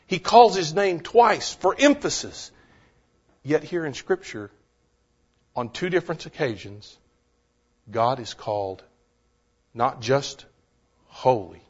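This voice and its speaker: A man's voice: medium pitch, lively intonation, slow, long pauses, breathy edge. A man preaching a sermon, emphatic, repeating words for stress and asking the listeners questions. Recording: dull lo-fi recording.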